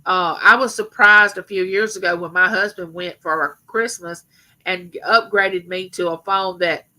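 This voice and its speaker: A middle-aged woman with a rough voice, rambling chattily to her viewers as host of a live stream. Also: on the low side, steady tone, normal speed, pushed and bright, poor audio. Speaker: livestream host. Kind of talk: casual live stream chat.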